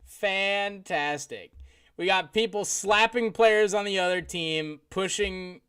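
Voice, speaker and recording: A man with a high, bright, sharp voice calls a football game live on stream. He moves between quick play-by-play and exasperated, sarcastic rants at his own team's blunders. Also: clear, resonant tone. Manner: exasperated ranting with bursts of sarcasm. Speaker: sports streamer.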